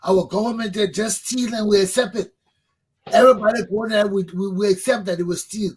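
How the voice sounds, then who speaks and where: A man's voice: sits high, steady tone, fairly quick, a little hiss or hum, low-quality recording. A man, hosting a talk show, delivering a fervent political monologue that preaches, repeats points for emphasis and swears. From Liberia.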